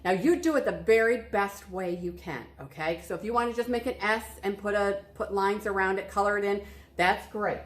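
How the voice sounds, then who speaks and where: A woman's voice: mid-range voice, a little fast. A woman art teacher leading a cheerful, step-by-step drawing lesson for children, encouraging them as she goes. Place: art studio. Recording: echoey room.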